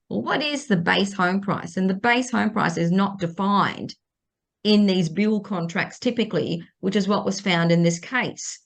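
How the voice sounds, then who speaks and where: A woman's voice: medium pitch, measured pace, creaky. A middle-aged woman, a lawyer giving advice on a podcast in an emphatic way, stressing and repeating her key points. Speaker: property lawyer. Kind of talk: podcast legal advice chat.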